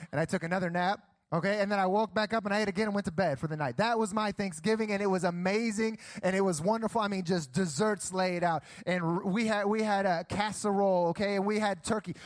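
A man preaching a lively sermon to his church, checking in with the crowd with a constant "okay?". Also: high-pitched. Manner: energetic, keeps asking "okay?". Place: church stage.

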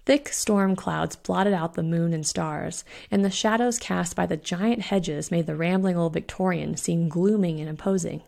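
A woman reading her own short story aloud in a steady, expressive storytelling voice. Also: lowish voice, measured pace, gravelly, hardly any pauses. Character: witch Fiona voiced in own voice.

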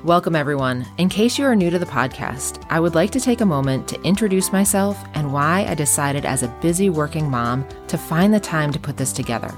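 A woman's voice: low voice, lively intonation, a little fast, hardly any pauses. A woman in her forties reading a scripted podcast introduction in an earnest, encouraging way. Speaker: podcast host. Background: faint music.

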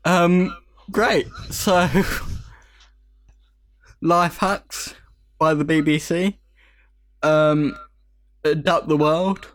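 A man's voice: a little high, fairly even intonation, extremely slow, pauses often, no echo. A man hosting his own podcast, chatting casually and teasing his partner with frequent laughs. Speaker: podcast host. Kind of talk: casual chat.

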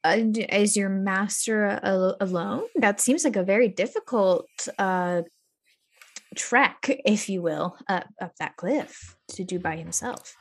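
A woman playing her character in a tabletop game, polite and gentle, often laughing. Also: medium pitch, measured pace. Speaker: player. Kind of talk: tabletop role-play.

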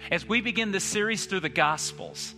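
A man preaching a sermon as a pastor, impassioned, his voice climbing to loud cries when he quotes a lament. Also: high voice, very animated, moderate pace, long reverb tail, soft background music.

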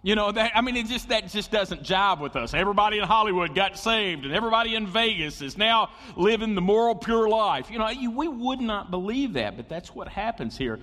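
A man's voice: high-pitched, brisk, few pauses. Male pastor, conversational sermon, long hall reverb. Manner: animated, conversational, with asides and jokes to the congregation.

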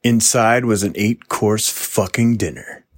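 An actor playing a gruff, foul-mouthed veteran police detective who talks bluntly and wearily. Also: male voice, fairly low pitch, steady tone, unhurried, no room sound, clean studio sound, natural voice. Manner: blunt, profane, world-weary. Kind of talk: true-crime audio drama interview.

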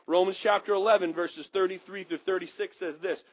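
A man preaching a sermon, animated and storytelling, who acts out characters with sudden high yelps and drops to a hushed voice for reverent points. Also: a little fast, hardly any pauses, poor audio.

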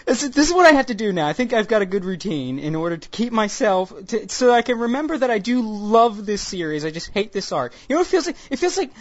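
A man's voice: high-pitched, very animated, fast, hardly any pauses, highs cut off. A man co-hosting a casual podcast, talking animatedly and often mocking characters in put-on voices. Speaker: podcast co-host. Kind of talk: casual anime chat.

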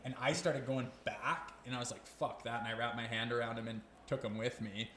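A man's voice: mid-range voice, steady tone, a little fast, fairly bright tone, reverberant, a little hiss or hum. A man in his thirties from Canada, a former hockey player who is the guest on a podcast, telling stories in casual chat, cursing often and laughing through them. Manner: laid-back, swears a lot, laughs through his stories.

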